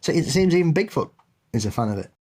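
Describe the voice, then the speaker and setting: A man with a British accent co-hosting a podcast in relaxed, casual conversation. He talks in an easygoing way and often pauses with a hesitant "uh" before going on. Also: a little high, husky. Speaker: podcast co-host.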